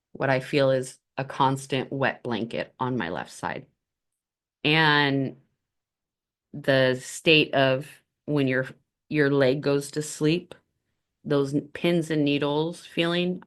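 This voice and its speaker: A woman with a low-pitched voice tells her own story in an unhurried, candid way. Her tone is conversational, with a wry humor underneath, like a host talking directly to her listeners. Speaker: spiritual podcast host. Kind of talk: personal storytelling.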